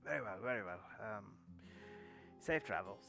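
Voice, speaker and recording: A man voicing a polite, low-key male guard in a tabletop game, speaking softly. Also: animated, normal speed, creaky, over music. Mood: calm.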